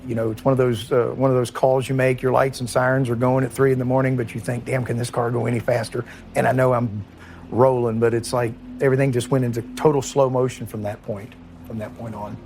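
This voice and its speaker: Emotional, plain-spoken former police chief. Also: male voice, medium pitch, flat delivery, a little fast, a little mellow, slight background noise. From Kentucky, USA. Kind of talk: interview recollection.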